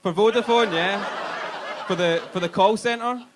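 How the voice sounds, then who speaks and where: A man's voice: high voice, measured pace, noisy background. A young Glaswegian man doing stand-up in a comedy club, crude and self-mocking, working the crowd. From Scotland.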